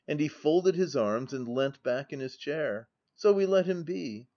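A man narrating a classic novel as an audiobook, reading in a measured, even way. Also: on the high side, muffled recording.

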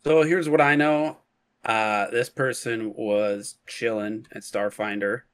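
Low-voiced man, hesitant player. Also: fairly even intonation, slow, no echo, studio quality. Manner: hesitant, restarts often. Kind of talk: casual tabletop game talk.

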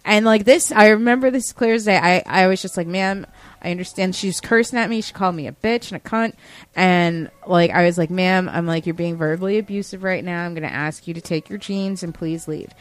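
Her voice is lowish and she talks a little fast: a woman in her thirties co-hosting a podcast and recounting a retail story in a casual way. She's animated, mimics the customers in quoted voices, and fills her speech with "like."

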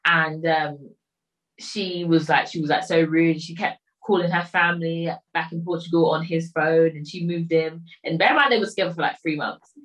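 Chatty woman with a low voice. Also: fairly even intonation, moderate pace, a bit bright, poor audio. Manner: rambling retelling with quoted voices and filler. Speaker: storyteller recapping a film. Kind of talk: casual chat.

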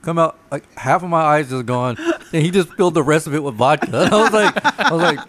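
A man's voice: on the high side, expressive, fairly quick, a bit bright, no echo. A man telling rowdy party stories in casual chat with friends, swearing and laughing often. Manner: profane, laughing storyteller.

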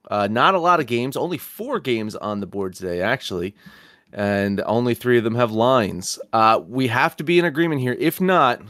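A man's voice: medium pitch, fairly bright tone, no room sound, clean studio sound. A man co-hosting a sports betting podcast, steering the picks with easygoing, laughing banter. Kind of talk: casual sports betting talk.

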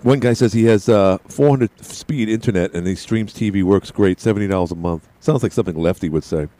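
A man's voice: fairly low pitch, fairly quick, warm tone. A middle-aged man hosting a call-in radio show, rambling along and often stammering and repeating his words. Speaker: radio talk show host.

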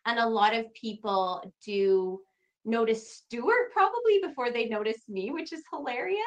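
Bubbly higher-voiced woman telling stories. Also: normal speed. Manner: animated storyteller, laughs often. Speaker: podcast guest, home renovation creator. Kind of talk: casual podcast conversation.

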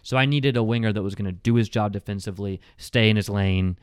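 A man co-hosting a casual sports podcast, chatty and quick, with lots of fillers and asides. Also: on the low side, smooth, no room sound, studio quality. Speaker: podcast co-host.

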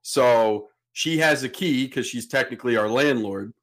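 A man's voice: mid-range voice, moderate pace. A man hosting a podcast, telling a story in a casual way and acting out the people in it. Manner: animated, acts out the people in his story. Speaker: podcast host.

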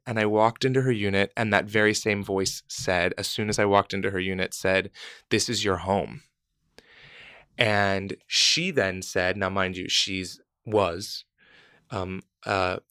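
Man, storyteller, bright, dry close sound, acts out quoted voices. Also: lowish voice, clean tone, dry recording. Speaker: guest telling a story. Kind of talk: casual storytelling conversation.

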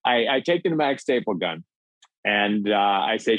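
A middle-aged man from Minnesota, a comedic actor and filmmaker, telling an animated anecdote and acting out the voices. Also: lowish voice, moderate pace, dry recording, rough recording. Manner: acts out voices in his anecdotes, excitable. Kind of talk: animated storytelling. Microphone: video call.

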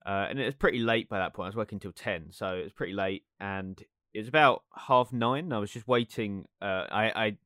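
A man's voice: fairly low pitch, brisk, few pauses, fairly bright tone, no echo, studio quality. A young man telling a story in casual podcast chat, rambling with many fillers and laughing often. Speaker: podcast co-host.

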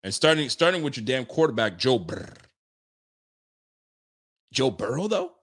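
In a mid-range voice with a breathy edge, a man hosts a casual football live-stream, reading comments from viewers and speaking quickly in slang while swearing, laughing and getting excited.

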